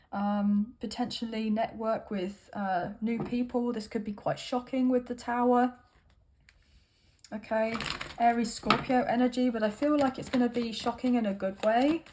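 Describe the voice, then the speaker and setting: A woman's voice: a little high, dark tone. A woman tarot reader giving a casual, rambling reading with lots of fillers and "right?" tags.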